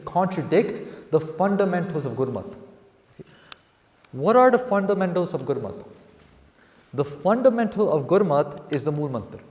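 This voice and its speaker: A man's voice: fairly high pitch, darkish tone. Man teaching in an echoey room. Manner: keeps checking in with "okay?". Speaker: seminar teacher. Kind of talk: classroom vocabulary lesson. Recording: echoey room with long reverb.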